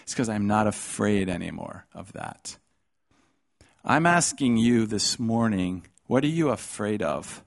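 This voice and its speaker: Middle-aged male preacher, dramatic storyteller, big swings from hush to shout, dry close sound. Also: lively intonation, a little slow, vocal fry, no room sound. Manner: dramatic, swings from hushed to loud and high. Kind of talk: sermon with storytelling.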